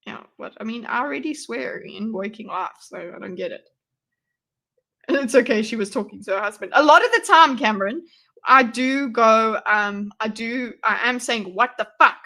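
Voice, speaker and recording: A woman hosting a casual livestream panel with a bright, slightly high voice. She laughs often and swears without a second thought, talking loosely over her streaming mic. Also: animated, normal speed, vocal fry. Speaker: streamer host.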